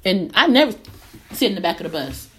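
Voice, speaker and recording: A woman's voice: medium pitch, big pitch swings, brisk, fairly bright tone, breathy edge. Earnest young woman podcaster, emphatic. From United States. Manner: earnest, emphatic, repeats phrases for stress. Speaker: podcast host. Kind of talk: impassioned personal commentary.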